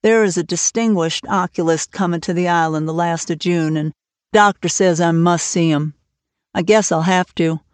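A woman's voice: on the low side, moderate pace, no room sound, close to an everyday voice. A woman reading the part of a stern, worried older farm woman who speaks plainly and bluntly, for an audiobook. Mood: troubled.

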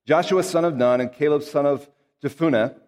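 A man's voice: fairly high pitch, fairly quick, a little mellow, long reverb tail. A man reading scripture aloud and then preaching in an earnest, conversational way with emphatic asides. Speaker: pastor.

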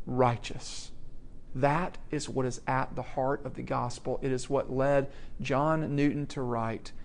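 A man preaching a sermon, telling a story with asides to the audience and swinging from hushed to loud. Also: medium pitch, steady tone, unhurried, gravelly, a little hiss or hum.

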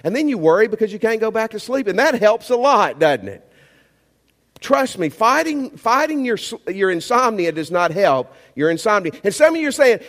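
A pastor preaches an emphatic, animated sermon, putting rhetorical questions to the congregation. His voice sits high, he speaks at a moderate pace, and the sound suggests a large room.

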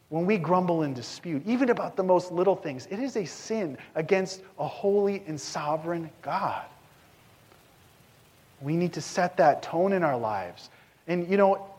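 A man preaching in a church sanctuary, his fairly high voice carried by a long hall reverb. He speaks earnestly and directly to the congregation, now and then acting out the words of biblical figures. It sounds like a live sermon. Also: a little mellow. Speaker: pastor.

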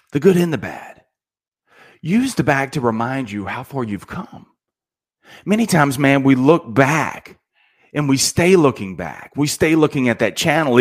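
Middle-aged guy doing a laid-back pep talk for his show, keeps saying "man", ordinary mid pitch. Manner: casual, animated, says "man" often. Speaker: podcast host. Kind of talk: motivational talk.

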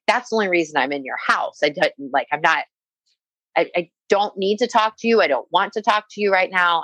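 A young woman recounts a personal story in casual conversation, her voice a little low and recorded dry and close. She leans on "like" constantly and acts out what people said to her. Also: fairly bright tone, no room sound, poor audio. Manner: frequent "like" fillers, quoting herself and others. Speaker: guest telling a personal story.

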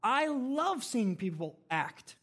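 A male pastor giving a sermon in a conversational, animated way, telling stories and laughing along the way. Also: very high-pitched, slow pace, husky.

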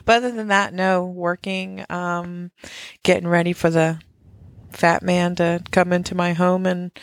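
A laid-back woman who keeps echoing her co-host's lines. Her voice is low and gravelly, and it is recorded dry and close. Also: little pitch movement, measured pace. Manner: laid-back, echoes her co-host, laughs often. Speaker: podcast co-host. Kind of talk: casual chat.

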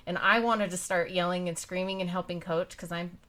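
A woman's voice: on the low side, steady tone, brisk, a bit bright. A woman podcast host and youth soccer coach, chatting casually and telling rambling stories with frequent laughs. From Utah, United States. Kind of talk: casual interview chat.

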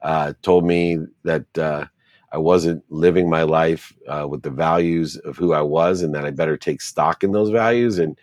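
A man's voice: extremely low pitch, moderate pace, darkish tone, no echo. A middle-aged man, an interview guest, telling his life story in an earnest, reflective way and stacking repeated phrases.

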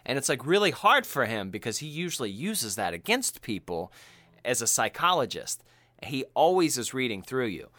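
A man in casual chat, animated and swearing, with many fillers, acting out film quotes. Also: medium pitch, moderate pace, dry recording.

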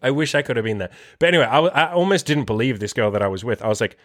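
Young man, casual vlog storytelling, swears a lot, filler-heavy, mid-pitched, dry sound. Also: rapid-fire, a bit bright, dry recording. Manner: profane, filler-heavy, lots of "like". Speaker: vlogger.

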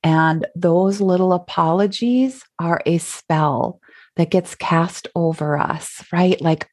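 Middle-aged minnesota lady doing her solo podcast, unhurried, kinda low voice, thoughtful and chatty. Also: a little mellow. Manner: reflective, with laughs and fillers. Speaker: podcast host. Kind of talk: casual solo podcast talk.

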